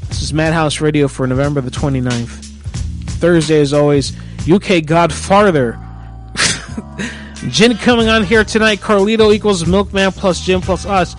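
A man's voice: a little high, steady tone, moderate pace, soft background music. A man hosting a talk show, teasing his co-host and rambling with lots of swearing. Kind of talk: casual crude banter.

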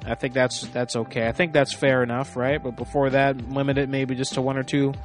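A man's voice: mid-range voice, flat delivery, brisk, soft background music. A man hosting a live call-in prank show, talking in a rambling, off-hand way with some swearing. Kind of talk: casual live-stream talk.

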